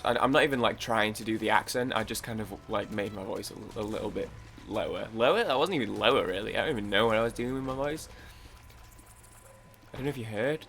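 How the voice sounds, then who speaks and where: A young man commenting casually on his own gameplay, rambling and excitable, with frequent restarts. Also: lowish voice, fast talker. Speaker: gaming YouTuber. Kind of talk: casual let's-play commentary.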